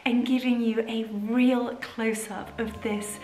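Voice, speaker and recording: Slow, gushing British woman in echoey room. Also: a little high, flat delivery, a little mellow. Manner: gushing, affectionate, prone to getting emotional and laughing. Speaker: vlogger. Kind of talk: chatty vlog narration while decorating. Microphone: camera on tripod.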